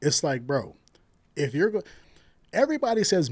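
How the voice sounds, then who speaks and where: A man's voice: fairly high pitch, sing-song, moderate pace, darkish tone, breathy edge, no room sound. A man from Jamaica arguing in a heated casual debate, blunt and crude, laughing at his own jokes.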